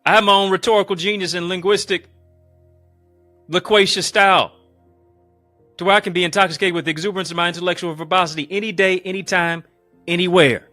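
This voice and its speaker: A male motivational speaker delivering a preaching-style speech, emphatic and rhythmic with lots of repetition, swinging between booming lines and hushed ones, calling his listeners family. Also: steady tone, quick pace, long pauses, no room sound, faint music behind. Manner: addresses live viewers as family.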